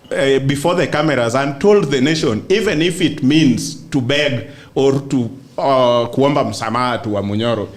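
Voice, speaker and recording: A man with a Kenyan accent, a political commentator on a podcast, laying out his argument deliberately, point by point. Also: mid-range voice.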